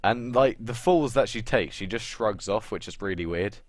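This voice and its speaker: A young man with a very low voice chats casually as a podcast co-host. He is sarcastic and swears freely, acting out little quotes as he goes. The recording is close and dry, with no room sound. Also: normal speed, no echo. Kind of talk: casual chat.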